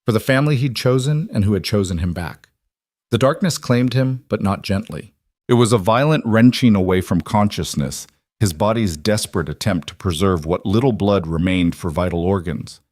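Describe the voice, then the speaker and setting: A man narrating a dramatic story in a steady, scripted storytelling manner. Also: on the low side, normal speed, dry recording, clean studio sound.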